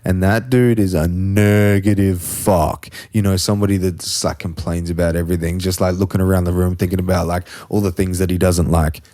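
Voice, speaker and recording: Low-voiced man, rambling and swearing. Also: steady tone, brisk, hardly any pauses, dark tone. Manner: rambling, swears freely, philosophizing. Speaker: podcast host. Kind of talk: casual conversation.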